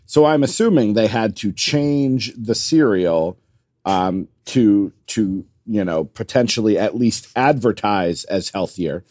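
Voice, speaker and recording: A man's voice: lowish voice, lively intonation, slow, darkish tone, dry recording, studio quality. A man co-hosting a casual podcast with a wry, teasing, self-deprecating manner. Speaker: podcast co-host.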